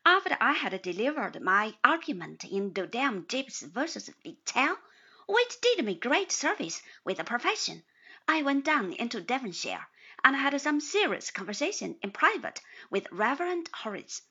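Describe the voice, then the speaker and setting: A woman's voice: high voice, very animated, moderate pace, sharp tone, husky, highs cut off, heavily acted. A woman reading an earnest, chatty young husband. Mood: eager. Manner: earnest, chatty, drops to confidential tones. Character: cheerful young man, newly married lawyer.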